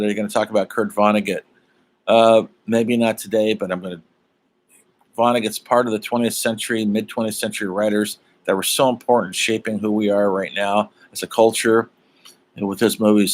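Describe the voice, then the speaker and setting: A middle-aged man with a somewhat low voice gives a college humanities lecture for online students. He talks casually and drifts into personal asides, filling pauses with ums and uhs. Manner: rambling, chatty, many fillers and asides.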